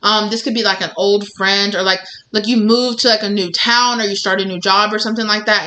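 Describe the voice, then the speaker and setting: A woman's voice: mid-range voice, steady tone, normal speed, hardly any pauses, bright, forceful tone. A woman giving a casual tarot reading to her viewers, rambling with lots of "like" and "you know". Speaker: tarot reader.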